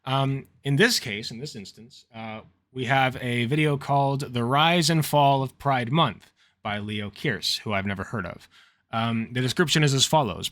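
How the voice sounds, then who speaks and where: Reaction youtuber guy, sarcastic, bright sharp voice, dry close sound. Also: medium pitch, moderate pace, no room sound. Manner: excitable and sarcastic, with sudden outbursts. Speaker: reaction video host. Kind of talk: casual reaction commentary.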